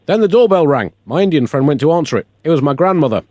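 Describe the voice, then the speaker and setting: A man co-hosting a satirical comedy podcast, telling a string of puns with mock outrage and deadpan delivery. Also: fairly high pitch, quick pace, no room sound, studio quality. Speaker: podcast co-host.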